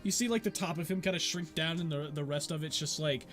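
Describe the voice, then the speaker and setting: A man's voice: on the high side, fast, fairly bright tone, faint music behind. A man narrating as game master of a tabletop game, rambling with many fillers. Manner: rambling, full of "like" fillers and laughs.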